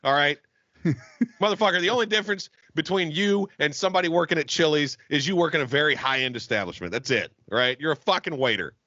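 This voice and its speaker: A man's voice: a little high, animated, fairly quick, bright, forceful tone, dry recording, lo-fi sound. A man from Jacksonville co-hosting a casual podcast, ranting emphatically and swearing a lot. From Jacksonville, Florida. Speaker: podcast co-host. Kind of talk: casual profane podcast banter.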